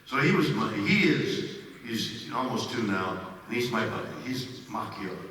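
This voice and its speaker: Older male storyteller on stage, forceful tone, distant roomy hall sound. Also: normal speed. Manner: animated anecdote telling, voice climbing high in excitement. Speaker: guest speaker. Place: large cinema hall with audience. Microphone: stage microphone, recorded from the audience. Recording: roomy hall from far off, faint noise.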